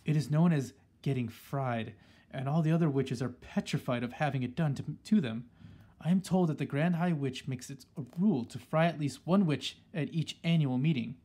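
Sharp old granny giving orders, read by a man, husky edge. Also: a little high. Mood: brisk. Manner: brisk, commanding. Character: shrewd, excitable old grandmother.

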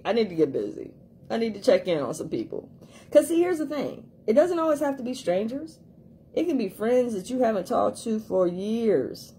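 Emphatic woman coach, mellow voice. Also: medium pitch, a little hiss or hum. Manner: emphatic, repeats for emphasis, acts out quoted voices. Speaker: life coach. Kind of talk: motivational talk to camera.

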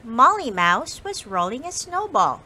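A woman teacher reading a picture book aloud to children, slow and expressive. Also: a little high, slightly rough, rough recording. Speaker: storyteller teacher. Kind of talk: read-aloud storytelling for kids.

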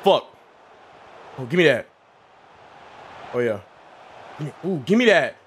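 Young male gaming streamer, slightly high and very lively voice, excitable and profane. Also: a little slow, a little hiss or hum. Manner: excitable, swears a lot, yells at plays. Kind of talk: casual gaming commentary.

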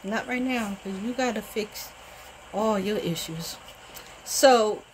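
A woman giving a casual, animated recap of a TV show, often talking back to the characters. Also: mid-range voice, slow pace, slight background noise, poor audio. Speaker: TV recap vlogger. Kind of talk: casual soap-opera recap.

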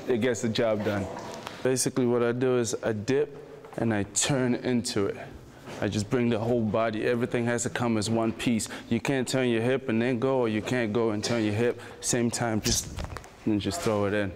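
A man's voice: medium pitch, steady tone, normal speed, darkish tone, a little hiss or hum. A man, a professional boxer, casually explaining how he throws his punch in an easygoing way. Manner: easygoing, plain, says "basically" often. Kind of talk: casual demonstration.

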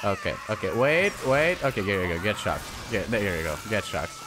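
Excitable swearing man playing a game. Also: lowish voice, fairly quick, music in the background. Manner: excitable, swearing, yelling at enemies. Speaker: gaming channel host. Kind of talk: let's play commentary.

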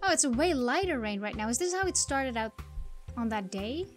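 A woman's voice: a little high, animated, a little fast. A young woman giving chatty, wry commentary while playing a story game. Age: young adult. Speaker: game streamer. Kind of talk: let's-play commentary. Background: faint game music.

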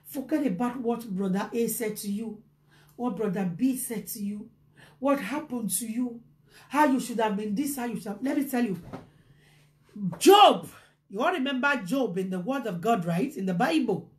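A woman preaching a motivational sermon, impassioned, swinging from shouted bursts to hushed low lines. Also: normal speed.

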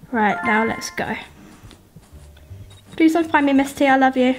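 A woman, a gaming YouTuber, chatting excitedly with viewers as she plays through a game, often talking to the game itself. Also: high-pitched, unhurried, pauses often, music in the background. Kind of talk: let's-play commentary.

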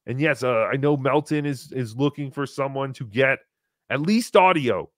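A man's voice: mid-range voice, animated, moderate pace, a bit bright, no room sound, studio quality. A man hosting a call-in podcast, chatting casually in a wry, rambling way and swearing freely. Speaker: podcast host taking calls.

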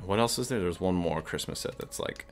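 A man's voice: deep voice, brisk, soft background music. A man co-hosting a livestream, chatting casually and joking while building. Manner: chatty, laughs often, jokey. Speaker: co-host.

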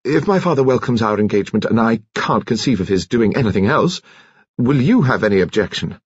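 A man's voice: on the low side, lively intonation, fairly quick, husky, dry recording, highs cut off, voice pushed up. A man voicing an earnest, impulsive young man in love in an audiobook, talking in an eager, insistent way. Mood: defiant.

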